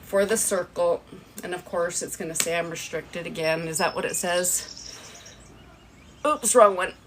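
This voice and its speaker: A woman's voice: lowish voice, slight background noise, low-quality recording. A woman rambling through a casual live product showcase, with a stern, firm voice and a habit of asking "right?" after each point. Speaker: TikTok live seller. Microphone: phone livestream.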